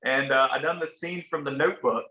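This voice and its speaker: A man in his thirties with a rural Ohio accent, speaking in a bright, forward voice. He tells a story in an easygoing way, curses freely and plays out the dialogue. The room is echoey. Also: medium pitch, fairly quick. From small town in Ohio. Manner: laid-back, swears, acts out quoted dialogue. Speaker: podcast guest, barber. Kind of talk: casual storytelling.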